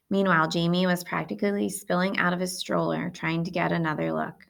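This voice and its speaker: A woman's voice: fairly low pitch, steady tone, fairly quick, vocal fry, hardly any pauses, a bit bright. A woman reading a novel aloud in plain first-person narration. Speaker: audiobook reader.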